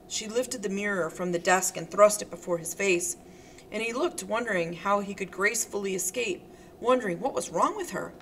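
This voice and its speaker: A woman's voice: mid-range voice, normal speed, fairly bright tone, slight background noise. Woman narrating an audiobook. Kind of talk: scripted narration.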